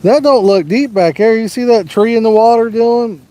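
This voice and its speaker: A man's voice: very high-pitched, moderate pace, mellow. A Midwestern American man hosting a fishing livestream outdoors by a lake, chatting casually and answering viewers' questions. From Midwest USA.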